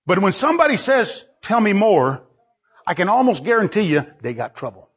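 A male preacher giving an emphatic sermon full of rhetorical questions, swinging between loud and hushed delivery, on a dull lo-fi recording. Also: high voice, huge pitch swings, quick pace, slightly rough.

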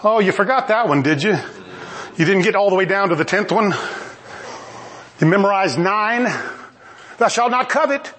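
Male preacher, high-pitched, animated and emphatic, sermon delivery with playful asides. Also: normal speed, pauses often.

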